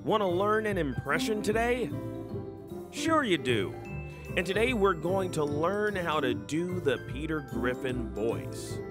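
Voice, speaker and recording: A man narrates in an upbeat, announcer-like voice, his pitch jumping around in a lively way. The script is delivered brightly and is clearly read. Music plays clearly behind him.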